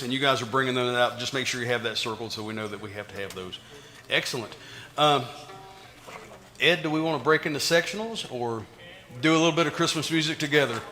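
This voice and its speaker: A man's voice: medium pitch, in a large hall, slight background noise. A man leading an orchestra rehearsal, counting beats aloud and scatting rhythms to show how they go. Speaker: orchestra conductor. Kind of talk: rehearsal instruction. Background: loud orchestra playing.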